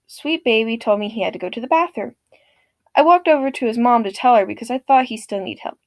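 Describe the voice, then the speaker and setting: A woman narrating a story with a high, very animated voice that leaps up and down. Her delivery is expressive and sarcastic, recorded dry and close. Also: dry recording. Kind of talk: storytelling narration of online stories.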